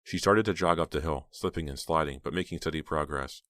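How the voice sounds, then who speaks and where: Low-voiced guy reading an audiobook, steady pace, dry close mic. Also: fairly quick, no echo. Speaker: audiobook narrator. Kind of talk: scripted narration.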